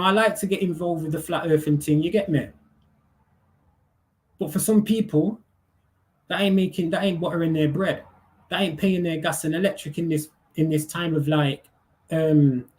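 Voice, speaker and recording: A man's voice: fairly high pitch, darkish tone. A middle-aged man, ranting casually and profanely on a livestream in heavy street slang. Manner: heated, profane, slangy, keeps asking "you get me".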